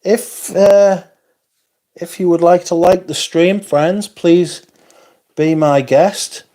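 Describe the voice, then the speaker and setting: A man's voice: high-pitched, steady tone, slow, dark tone. A man hosting a casual livestream, tired, rambling and self-deprecating as he reads out viewer comments. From North East England. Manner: rambling, self-deprecating, frequent yawns and interjections. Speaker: livestream host.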